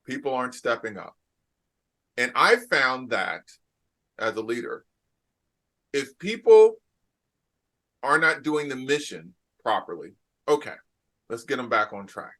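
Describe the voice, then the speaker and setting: Bright, emphatic man hosting a podcast. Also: medium pitch, big pitch swings, unhurried, pauses often. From New Jersey. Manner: emphatic, repeats phrases for effect. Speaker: podcast host and keynote speaker. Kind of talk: casual interview chat.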